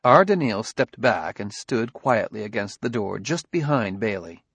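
A man reading a story aloud in an even, measured narration. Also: on the low side, slightly rough, no echo. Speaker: audiobook narrator. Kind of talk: scripted narration.

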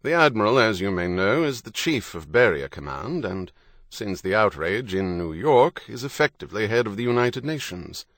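A man playing a smooth, pushy official. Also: lowish voice, lively intonation, moderate pace, a bit bright, no room sound, clean studio sound. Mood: formal.

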